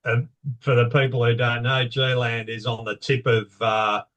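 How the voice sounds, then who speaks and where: A man's voice: medium pitch, flat delivery, unhurried, fairly bright tone, low-quality recording. A middle-aged Australian man in casual conversation as a podcast guest, explaining and recounting old trips in vivid detail.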